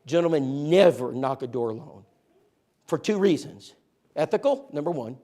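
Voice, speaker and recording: A man training a church group in outreach, telling stories in a lively, joking way and speaking to listeners directly. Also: on the high side, normal speed. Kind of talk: animated storytelling talk to a church group.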